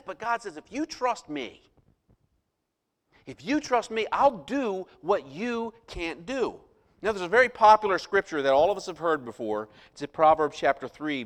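A middle-aged man preaching a sermon, telling a personal story with animated, rising emphasis. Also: high-pitched. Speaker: pastor.

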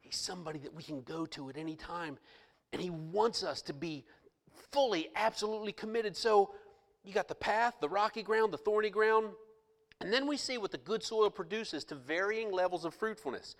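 Male pastor, sermon, high bright voice, impassioned, loud outbursts and hushed asides, echoey hall. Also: animated, moderate pace.

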